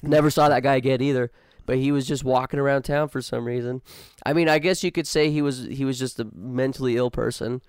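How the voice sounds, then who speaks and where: A man hosting a podcast, telling a story in a relaxed, slangy casual chat. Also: medium pitch, brisk, clear, resonant tone, no echo, clean studio sound. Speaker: podcast host.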